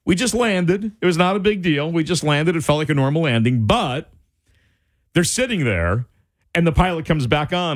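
A man telling a personal story in a casual, animated way, full of "like" and restarts. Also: a little high, moderate pace, no room sound, clean studio sound. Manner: animated, wide-ranging delivery, lots of "like" and restarts.

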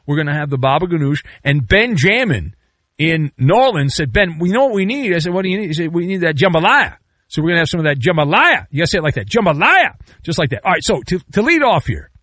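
A male sports talk host with a slightly high voice that leaps all over the place as he riffs. He is sarcastic and jokey, punching some lines loudly and muttering others. The sound is close and dry. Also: no echo. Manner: sarcastic, riffing with mock quotes; animated, swings between loud bursts and low asides. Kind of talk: sports talk radio commentary.

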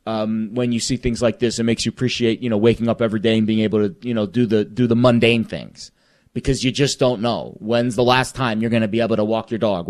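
Regular guy on a sports show, thinking out loud, lots of ums and restarts. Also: lowish voice. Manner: rambling, many fillers and restarts, reflective. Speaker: sports talk co-host. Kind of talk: casual sports chat.

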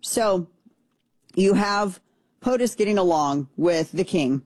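A woman's voice: medium pitch, expressive, slow pace, a little mellow, no echo. A middle-aged woman hosting casual political commentary, chatty and opinionated, with frequent restarts and asides.

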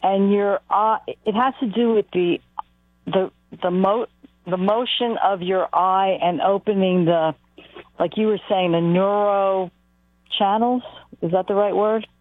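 A woman's voice: mid-range voice, fairly even intonation, a little slow, no room sound. Hesitant woman caller on a tinny line. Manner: hesitant, searching for words.

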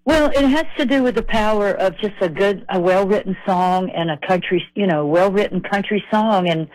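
A middle-aged woman from Tennessee, a country singer telling rambling, animated anecdotes as a guest. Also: medium pitch, normal speed, no room sound, low-quality recording. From Nashville, Tennessee. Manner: chatty, rambling, animated retelling.

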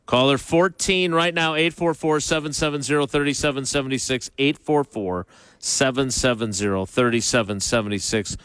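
A man co-hosting a sports radio show, steering segments with dry, steady humor. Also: mid-range voice, moderate pace, clean tone, no room sound. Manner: dry, steady, plays along with the jokes. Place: radio studio.

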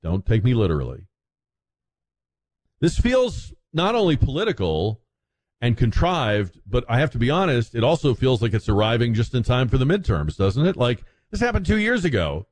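A man's voice: medium pitch, huge pitch swings, normal speed, darkish tone. A man hosting a talk radio show, delivering an opinionated, sarcastic monologue with frequent restarts.

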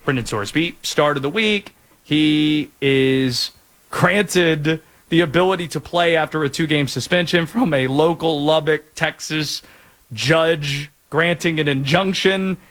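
A man from North Carolina hosting a sports talk show, chatting in a lively, jokey way with asides. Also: a little high, a little slow. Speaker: sports radio host.

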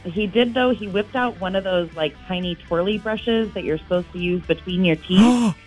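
A woman's voice: fairly low pitch, moderate pace, darkish tone, soft background music, rough recording. A young woman on a radio show call, telling a story in a candid, dry way. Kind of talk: phone call on air.

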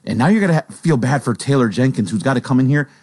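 A man co-hosting a sports talk show, with a mid-pitched voice and a blunt, conversational way of talking. He states strong opinions plainly. The recording is dry and close. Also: lively intonation, fast talker, darkish tone, dry recording.

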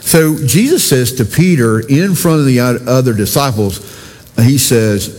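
A man's voice: mid-range voice, expressive, unhurried, a little mellow. Man preaching in a reverberant church hall. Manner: conversational preaching with asides to the congregation. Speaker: pastor. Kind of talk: sermon.

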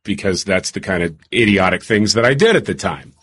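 A man's voice: sits low, lively intonation, fairly quick, fairly bright tone, slightly rough. A man co-hosting a casual talk show, telling stories in a chatty, self-deprecating way. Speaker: co-host. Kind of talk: casual chat.

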